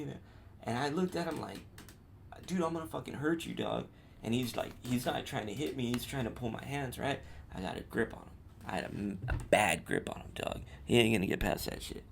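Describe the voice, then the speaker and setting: A man's voice: medium pitch, fairly quick, creaky, slight background noise. A man hosting a podcast, telling a personal story in a casual, profane, slangy way. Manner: profane, street slang, animated retelling. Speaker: podcast host.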